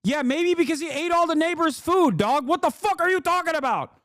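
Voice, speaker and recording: A man's voice: very high-pitched, lively intonation, brisk, fairly bright tone, dry recording, clean studio sound. A male live streamer giving casual commentary, swearing often and sounding incredulous and emphatic.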